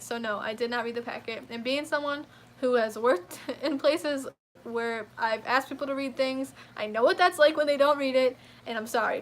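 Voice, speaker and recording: A young woman telling a profane, animated story in a casual storytime rant. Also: fairly high pitch. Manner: profane, animated, quick to flare up. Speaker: vlogger.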